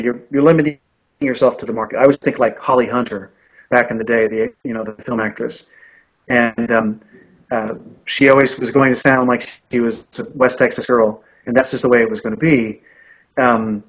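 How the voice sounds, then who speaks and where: A man's voice: medium pitch, slightly rough, poor audio. A man in his forties, an audiobook narrator and coach, giving thoughtful, earnest answers in a podcast interview. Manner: earnest and thoughtful, with frequent restarts.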